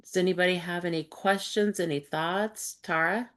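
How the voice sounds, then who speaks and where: A woman's voice: lowish voice, fairly even intonation, normal speed. A woman hosting a support group discussion, speaking in a reflective, thoughtful way with frequent fillers. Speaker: host and support group facilitator.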